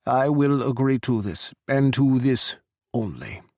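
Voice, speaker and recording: A sly, restless Russian president with a thick Russian accent, smirking and cutting over each word, as a male narrator puts him on. The voice is gravelly and unhurried. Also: mid-range voice, lively intonation, a little mellow, no room sound, studio quality, pitched above the performer's own voice.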